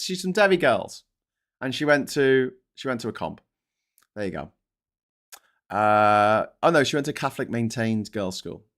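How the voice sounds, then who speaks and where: His voice is medium in pitch, a little bright, and clean in tone. He's a middle-aged British man hosting an easygoing live stream, wandering off topic, swearing a lot, and mocking himself as he goes through comments and papers.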